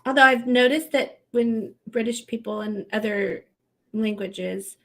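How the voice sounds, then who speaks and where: Easygoing woman, fairly high voice. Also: measured pace. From United States. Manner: easygoing, thoughtful, with fillers. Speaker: podcast co-host. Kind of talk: casual chat.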